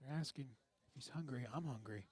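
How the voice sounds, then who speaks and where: A man calling play-by-play for a local radio baseball broadcast, with relaxed, folksy banter between pitches. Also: brisk, slightly rough. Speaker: play-by-play announcer.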